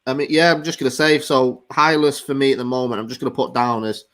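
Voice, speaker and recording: A man's voice: medium pitch, fast, fairly bright tone. Casual, hesitant man hosting. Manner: hesitant, many ums, swears casually. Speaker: host of battle rap judging panel. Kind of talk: casual panel chat.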